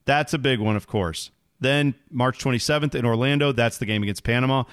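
A man co-hosting a sports podcast, chatting casually and getting animated when exasperated. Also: medium pitch, brisk, no echo, clean studio sound. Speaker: podcast co-host.

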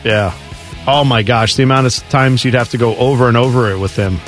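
A man's voice: mid-range voice, fairly even intonation, fairly quick, faint music behind. A man co-hosting a radio show, laughing often and weighing questions with chatty asides. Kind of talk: casual sports-radio banter.

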